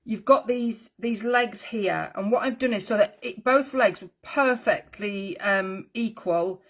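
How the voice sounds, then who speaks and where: A woman's voice: mid-range voice, unhurried. A woman teaching a craft tutorial in a chatty, friendly way, with rambling asides and frequent ums. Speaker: needle felting teacher.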